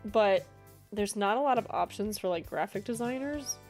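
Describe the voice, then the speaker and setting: A woman's voice: medium pitch, animated, moderate pace, darkish tone, soft background music. A woman streamer chatting casually with her viewers while she plays, rambling and laughing often. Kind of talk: casual gameplay chat.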